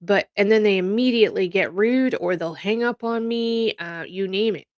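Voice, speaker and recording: A woman's voice: medium pitch, normal speed, a little mellow, no room sound, studio quality. A middle-aged woman hosting a casual chat, blunt and exasperated, swearing freely. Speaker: psychic channel host.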